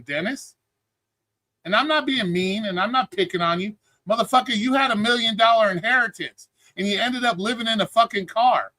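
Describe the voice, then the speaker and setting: A man's voice: high voice, sharp tone, dry recording. A man hosting a live stream, arguing in a blunt, profane, lecturing way. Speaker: streaming show host. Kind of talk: heated livestream argument.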